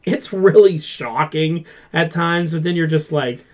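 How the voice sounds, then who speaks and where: A man hosting a casual pop culture talk, animated, acting out quoted lines and swearing freely. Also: a little high, unhurried, a crowd in the background. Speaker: podcast host. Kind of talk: casual chat.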